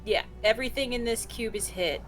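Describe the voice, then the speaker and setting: A player calmly talks through moves during a relaxed tabletop session. The voice is bright and forceful. Faint music plays behind. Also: mid-range voice, brisk. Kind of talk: casual game-table banter.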